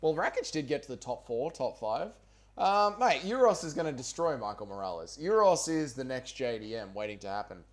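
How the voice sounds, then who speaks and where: A man's voice: mid-range voice, big pitch swings, brisk. Joking Australian man hosting a stream. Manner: swearing, joking banter with chat. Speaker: livestream host. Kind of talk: casual livestream chat, reading chat aloud.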